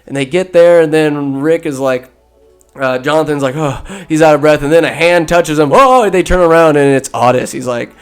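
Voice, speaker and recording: A man hosting a podcast, telling a movie recap in a rambling, animated way and acting out the characters' lines. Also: fairly high pitch, moderate pace, clean tone, faint music behind. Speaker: podcast host. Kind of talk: casual solo movie recap.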